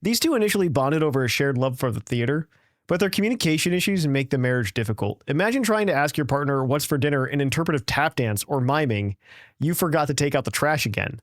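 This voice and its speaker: Man, podcast host, reading aloud, jokey, trips over words, slightly high voice, dry close sound. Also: animated, fast talker, no echo.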